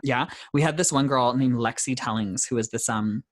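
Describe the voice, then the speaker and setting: A man's voice: mid-range voice, moderate pace. A young man from Canada, a drag queen guest chatting on a podcast, giggly and gossipy with freely dropped swear words. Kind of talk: casual chat.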